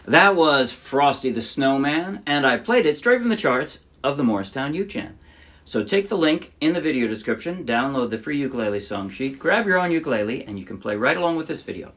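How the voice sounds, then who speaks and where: A man's voice: medium pitch, big pitch swings, brisk, fairly bright tone. A man casually teaching ukulele, chatty and demonstrative, often correcting himself mid-sentence. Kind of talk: casual tutorial talk. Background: ukulele playing.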